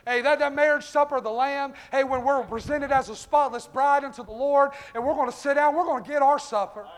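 A man's voice: very high voice, fairly even intonation, fairly quick. A male pastor preaching a fervent revival-style sermon in a church, calling out congregation members by name. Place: church sanctuary. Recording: echoey church hall.

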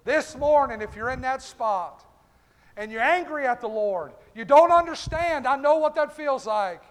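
A man's voice: extremely high pitch, lively intonation, a little slow. A male pastor preaching a fervent revival-style sermon in a church, calling out congregation members by name. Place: church sanctuary. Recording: echoey church hall.

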